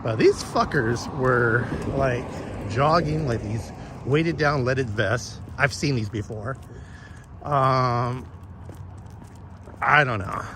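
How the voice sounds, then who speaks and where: While walking his dog outdoors, a man chats casually with live viewers, rambling and swearing as he tells a story. His voice is medium-pitched and his pace is slow, with a noisy background.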